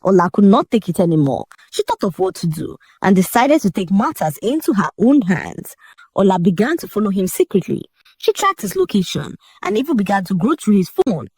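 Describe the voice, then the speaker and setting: A woman narrating a dramatic folk tale in a vivid, expressive storytelling manner. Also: mid-range voice, husky, dry recording, studio quality.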